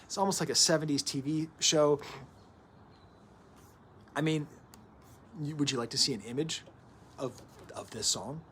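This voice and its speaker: A man in his thirties, talking through an album at home in an animated, rambling way with joking asides. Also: a little high, a little slow, pauses often, slight background noise. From United States. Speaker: record reviewer. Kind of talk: casual music analysis to camera.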